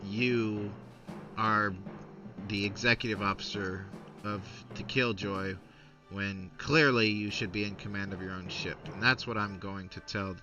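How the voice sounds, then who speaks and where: A man voicing a stern male clone officer who speaks slowly and with menace. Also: lowish voice, fairly even intonation, lo-fi sound, music in the background, lightly acted. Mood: earnest. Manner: slow, measured, menacing.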